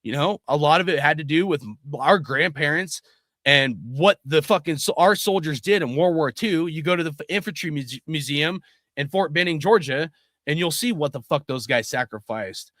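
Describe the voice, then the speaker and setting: A man's voice: fairly high pitch, moderate pace, a bit bright, dry recording, studio quality. A middle-aged man ranting angrily and swearing constantly in a profane opinion talk. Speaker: video host.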